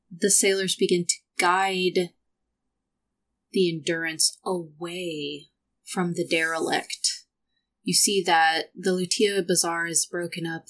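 A woman running a tabletop game, narrating scenes slowly and descriptively. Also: lowish voice, fairly bright tone. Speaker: game master.

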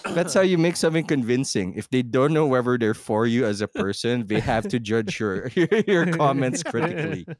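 A man's voice: medium pitch, animated, moderate pace, dry recording, clean studio sound. A man co-hosting a podcast, chatting casually, laughing often, swearing and acting out quoted lines. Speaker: podcast co-host. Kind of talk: casual chat.

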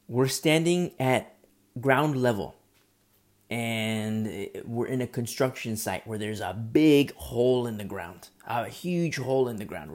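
A man's voice: medium pitch, darkish tone. A male preacher delivering a sermon with earnest storytelling, often restarting his phrases.

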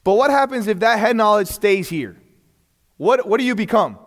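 A man with a fairly high voice teaches a church class in an easy, conversational way. He keeps asking the room questions and lets small chuckles slip between points. His voice rings with a long reverb, as if recorded in a large hall. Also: lively intonation, normal speed.

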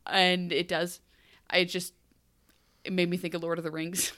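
A woman co-hosting a podcast, chatting casually about a TV show, laughing often and acting out characters in quick asides. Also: fairly low pitch, flat delivery, bright, forceful tone. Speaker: podcast co-host. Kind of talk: casual chat recapping a TV show.

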